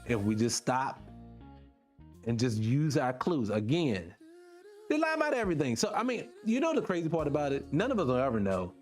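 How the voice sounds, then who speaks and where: A middle-aged man hosting a radio show, talking casually to listeners with lots of rhetorical questions. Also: vocal fry. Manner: animated, rhetorical questions, pitch jumps when excited.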